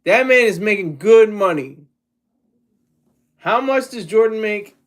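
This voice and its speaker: Expressive and a little slow, a Delaware man with a high, fairly bright voice vlogs alone. His commentary rambles and jokes, and he keeps cutting himself off mid-word.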